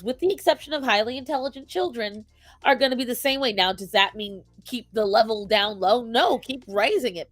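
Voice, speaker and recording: Higher-voiced woman ranting about pets, emphatic, acts out what people say, dry close mic, faint music under. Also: a bit bright, dry recording. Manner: emphatic, opinionated, acts out quotes. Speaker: podcast co-host. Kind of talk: casual chat on pet behavior.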